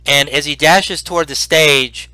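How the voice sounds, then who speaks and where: A man narrating a tabletop role-playing game as game master, animated and full of restarts. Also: fairly high pitch, unhurried, clear, resonant tone, dry recording, low-quality recording. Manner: animated, repeats words and restarts.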